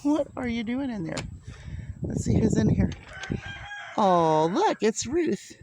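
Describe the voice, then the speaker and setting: A woman's voice: big pitch swings, takes it slowly, background noise. A woman vlogging casually as she walks around her small farm outdoors, chatting to the camera and cooing at her animals in a sing-song voice. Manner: chatty, rises to high sing-song baby talk with animals. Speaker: homestead vlogger. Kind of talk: casual walking farm vlog.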